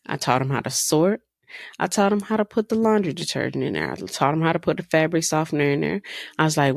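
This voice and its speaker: A woman in her thirties hosts a podcast as a casual monologue, telling stories with exasperation and firing off rhetorical questions. She has a low, creaky voice with lively intonation and a brisk pace, recorded at studio quality with no echo.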